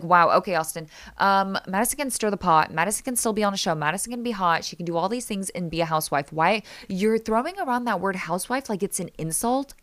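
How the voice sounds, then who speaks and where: A woman hosting a casual reality TV recap, chatty and opinionated, often stopping to restart and correct herself. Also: mid-range voice. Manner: chatty, opinionated, animated reactions. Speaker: TV recap host.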